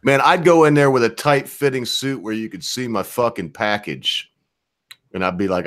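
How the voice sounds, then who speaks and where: A man co-hosting a casual chat show, ranting loudly and swearing freely. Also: mid-range voice, moderate pace. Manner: profane, ranting. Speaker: podcast co-host.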